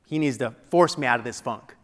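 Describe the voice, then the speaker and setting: A man giving a keynote speech, telling a personal story dramatically and dropping to a hush at painful moments. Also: medium pitch, a little fast. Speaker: keynote speaker. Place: large event hall before an audience. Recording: long hall reverb.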